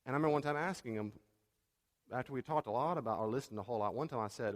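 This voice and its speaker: A man's voice: medium pitch, racing, in a large hall. A middle-aged man preaching a sermon as a pastor, talking conversationally and repeating key phrases.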